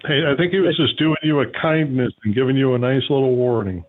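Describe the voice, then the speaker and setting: A man's voice: mid-range voice, a little fast. A man hosting a radio chat, chiming in with brief agreeable remarks. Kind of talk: casual chat on a radio show. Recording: tinny phone-like sound.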